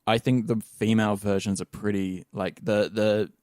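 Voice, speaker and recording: A man's voice: lowish voice, little pitch movement, moderate pace, darkish tone, no room sound. A man co-hosting a podcast, chatting casually, asking questions and adding dry jokes. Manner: asks questions, dry humor. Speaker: podcast co-host. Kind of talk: casual chat.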